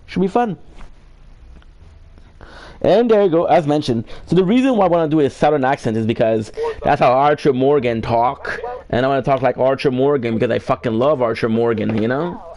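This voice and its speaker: A tired gaming streamer with a mid-range, slightly mellow voice talks briskly while playing a video game live. His casual chat rambles, packed with fillers and offhand swearing.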